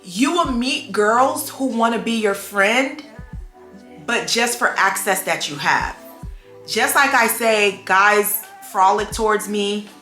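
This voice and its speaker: Young woman, bright voice, casual vlog chat, echoey room. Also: mid-range voice, takes it slowly, faint music behind. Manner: animated storytelling, acts out quoted voices. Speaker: vlogger.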